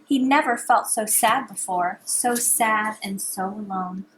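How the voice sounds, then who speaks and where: Soft-voiced mother reading slowly. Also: mid-range voice, a little hiss or hum. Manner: soft, hushed, sing-song. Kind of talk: bedtime story reading.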